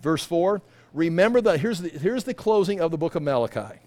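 A high-pitched male preacher teaching scripture in a loose, conversational sermon. He rambles, stops himself mid-thought and drops in joking asides. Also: animated, brisk, a little mellow. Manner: rambling, self-interrupting, humorous asides. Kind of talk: informal sermon, Bible teaching.

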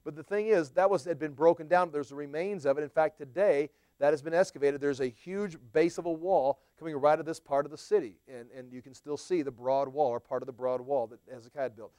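A man's voice: a little high, fairly quick, hardly any pauses, dark tone, clean tone, no echo, studio quality. A man teaching a Bible study in a chatty, conversational way, with playful asides to his class.

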